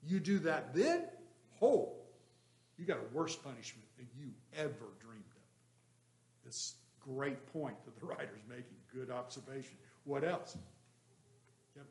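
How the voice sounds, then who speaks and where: A man's voice: mid-range voice, unhurried. A man leading an interactive Bible study, questioning the class and stressing points with bursts of emphasis and chuckles. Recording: echoey room.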